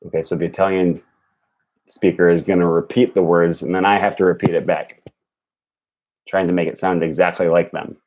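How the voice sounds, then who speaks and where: A young man thinking aloud on a live stream, slowly repeating words as he practises them. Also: low voice, flat delivery, darkish tone. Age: young adult. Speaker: language learner streaming. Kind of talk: casual live-stream commentary.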